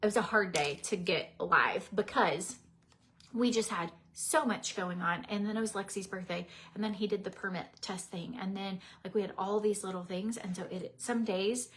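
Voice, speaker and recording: A woman's voice: mid-range voice, normal speed, fairly bright tone, a little hiss or hum. A woman, chatting casually on a livestream, tired and teary, rambling with many fillers and restarts. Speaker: makeup vlogger.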